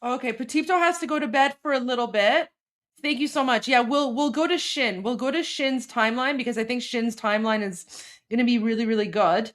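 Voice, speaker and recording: A woman's voice: a little high, fairly quick. A woman with an Iranian accent hosts a casual livestream in a slightly raised voice. She rambles, repeats words and keeps checking in with her viewers. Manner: rambling, repeats herself, keeps asking "right?". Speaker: livestream host. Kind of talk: casual live commentary.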